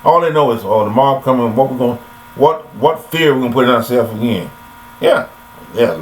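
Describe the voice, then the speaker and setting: An older man with a mid-range, animated voice rambles through a folksy philosophical monologue at a moderate pace. A vlogger, he preaches and speaks directly to his listeners, recorded in low quality on a laptop webcam.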